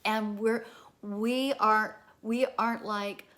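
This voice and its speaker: Bright-voiced, candid middle-aged woman. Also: medium pitch, steady tone, slow. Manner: candid, swears freely, acts out quoted people. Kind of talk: casual spoken talk.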